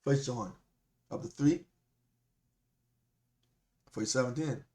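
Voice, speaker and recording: A man with a Caribbean accent, a deacon preaching a sermon in an animated, repetitive way, often laughing as he talks. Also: medium pitch, takes it slowly.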